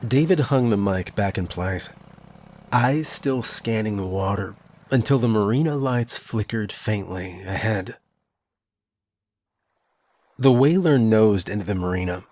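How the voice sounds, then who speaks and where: Slow, low-voiced male horror narrator. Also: darkish tone, a little hiss or hum. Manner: slow, measured storytelling.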